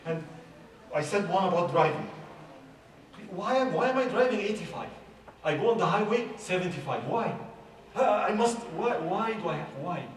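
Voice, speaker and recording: A man's voice: sits high, lively intonation, normal speed. Man preaching in an echoey hall. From Egypt. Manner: conversational, asks many rhetorical questions. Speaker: youth speaker. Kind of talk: informal religious talk. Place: large hall at a religious youth event. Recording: echoey hall, far from mic, background noise.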